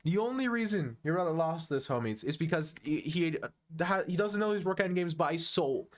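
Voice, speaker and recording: A man's voice: a little high, lively intonation, moderate pace. A man of twenty-one with an American accent, chatting casually and teasing viewers while analysing chess on a stream. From United States. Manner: joking, teasing banter, chuckles often.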